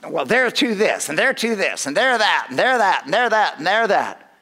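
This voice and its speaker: A male pastor preaching with a high, lively voice that swoops up and down. He acts out little voices and laughs often. His sentences stop and restart as he works up to a point. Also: moderate pace. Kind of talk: sermon.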